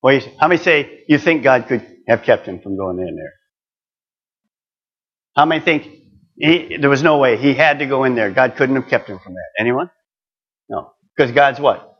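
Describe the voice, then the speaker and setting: A man's voice: medium pitch, expressive, moderate pace, long pauses, lo-fi sound. An older man preaching a sermon, earnest and building to emphatic exhortation.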